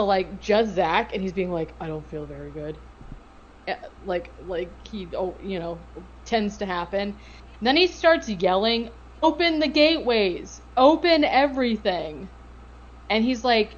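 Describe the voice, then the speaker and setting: A woman co-hosting a podcast, recapping a show in casual chat with profane, sarcastic, animated retelling. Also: on the high side, lo-fi sound. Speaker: podcast co-host.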